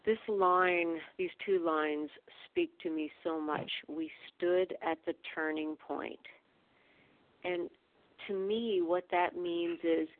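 A woman's voice: low-pitched, no room sound. A woman from Canada sharing in a recovery meeting, earnest and reflective. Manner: earnest, reflective, quotes her own old prayers. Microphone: phone call. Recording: tinny phone line.

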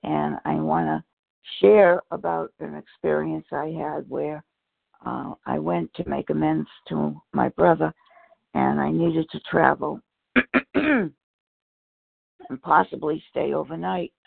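A hoarse man sharing at a recovery meeting, halting and emotional, often clearing his throat. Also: a little high. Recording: tinny phone-like call audio.

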